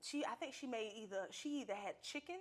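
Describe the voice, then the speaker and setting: A young woman, a podcast guest, telling stories in a casual, animated way, full of swearing and laughter. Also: fairly high pitch, brisk. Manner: profane, animated, laughing often. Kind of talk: casual storytelling. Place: podcast studio with a live audience.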